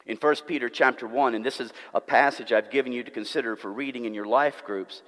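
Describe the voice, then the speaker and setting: A man's voice: mid-range voice, steady tone, a little fast, a bit bright. A man preaching a sermon, earnest and emphatic, repeating words for stress. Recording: long reverb of a church hall.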